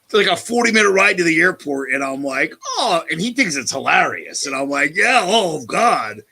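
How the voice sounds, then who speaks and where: A bright, lively man of middle age spins a story for his co-host, swearing freely and raising his voice to replay his own rants. His tone stays clear and forward. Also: fairly high pitch, brisk. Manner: animated, profane, acts out quotes loudly. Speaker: podcast co-host. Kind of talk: casual storytelling chat.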